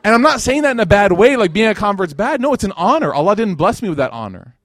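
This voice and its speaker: Male lecturer, higher voice, dry close sound, animated casual storyteller. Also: fast, no echo, a faint crowd. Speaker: Islamic lecturer. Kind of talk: religious lecture to a live audience.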